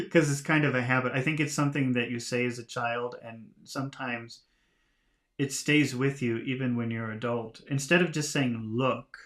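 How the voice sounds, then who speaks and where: A man's voice: medium pitch, moderate pace. Chatty male English teacher. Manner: relaxed, chatty, laughs at himself, lively voices for quoted lines. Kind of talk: reading a storybook aloud and explaining vocabulary.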